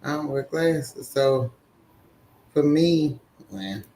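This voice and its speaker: Man co-host, relaxed livestream chat, slow, a bit roomy with faint background hum. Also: a little high. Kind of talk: casual livestream chat and job advice.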